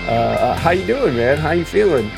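Fast-talking American podcast host. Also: male voice, a little high, very animated, creaky, loud music behind the voice. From Ohio, United States. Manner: fast-talking, friendly, lots of fillers. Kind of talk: casual interview chat.

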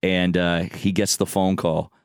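A man's voice: low voice, little pitch movement, a little slow, clean tone, no echo, clean studio sound. A laid-back male host from Canada, chatting casually and saying "dude" and "you know" often. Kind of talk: casual conversational interview. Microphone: handheld mic, passed around.

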